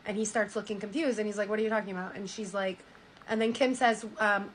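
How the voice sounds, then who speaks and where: A woman's voice: medium pitch, quick pace, a little hiss or hum, rough recording. Woman streamer reading a story aloud. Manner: animated, reads quotes with stunned asides.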